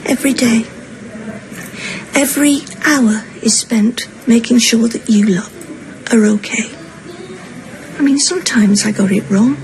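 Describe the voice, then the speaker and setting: An actress playing an anxious, self-pitying older mother and grandmother, who talks in plaintive, rushed runs of self-justification. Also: a little high, a little mellow. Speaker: soap opera character. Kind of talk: television drama acting. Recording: noisy broadcast soundtrack.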